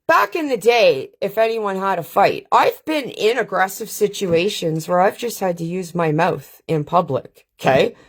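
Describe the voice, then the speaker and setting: A woman's voice: medium pitch, expressive, breathy edge. A middle-aged woman from Canada hosting a live stream, telling stories in a blunt, profane, casual way. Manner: blunt, profane, unhurried with frequent filler questions. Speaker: channel host. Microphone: webcam or phone on a live stream.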